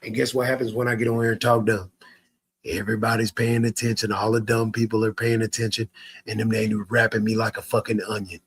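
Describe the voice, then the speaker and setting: A man's voice: fairly low pitch, level tone, brisk, breathy edge. A man streaming live, ranting at his chat in a profane, repetitive way with stammered restarts.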